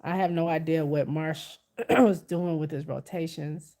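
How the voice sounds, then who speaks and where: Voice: medium pitch, steady tone, a little slow, warm tone. A livestreamer who is stuffy from a cold, chatting casually to viewers and reading their comments aloud, with frequent restarts. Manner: talks straight to viewers, frequent restarts and self-corrections.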